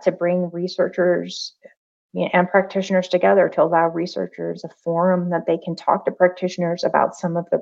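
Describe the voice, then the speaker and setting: Woman researcher on a podcast, kinda low and gravelly, lots of ums, muffled lo-fi sound. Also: darkish tone. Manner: thoughtful, many fillers and restarts. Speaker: guest researcher. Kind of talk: casual interview talk. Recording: dull lo-fi audio.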